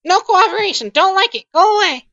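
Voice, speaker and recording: A woman's voice: very high-pitched, lively intonation, brisk, fairly bright tone, dry recording, voice pushed up. A woman voicing a grumpy reclusive man who barks curt refusals through a door, on a dull, dry recording. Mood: cranky.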